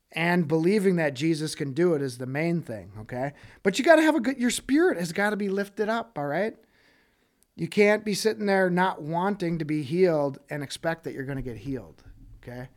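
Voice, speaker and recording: Guy doing a laid-back bible teaching, voice on the high side, jumps all over when he acts out the story. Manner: animated, acts out quoted voices, frequent "okay?" check-ins. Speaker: preacher.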